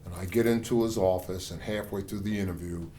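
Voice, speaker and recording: A man's voice: sits low, fairly quick, slight background noise. A middle-aged man from the United States, an author telling his story as an interview guest with passion and acted-out dialogue. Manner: passionate, animated storyteller who acts out quoted dialogue. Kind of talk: conversational storytelling.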